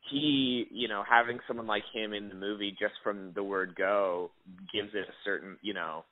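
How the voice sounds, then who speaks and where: A man's voice: fairly low pitch, fairly even intonation, moderate pace, dry recording. A young adult man, an actor, answering interview questions in a casual, rambling way with many restarts. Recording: dry tinny phone-line audio.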